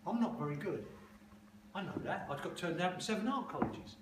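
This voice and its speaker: A man's voice: sits high, expressive, fairly quick. A man speaking bluntly and emphatically to a room of advertising students, swearing freely as he tells stories in an informal talk and Q&A. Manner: blunt, profane, emphatic storytelling. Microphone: phone recording from the audience. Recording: distant, echoey, noisy phone recording.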